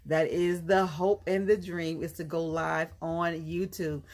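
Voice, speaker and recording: A woman's voice: lowish voice, flat delivery, unhurried, darkish tone. A woman hosting her own live jewelry sales show, sassy and chatty, laughing often and calling her viewers girl and honey. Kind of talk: casual live-stream sales pitch.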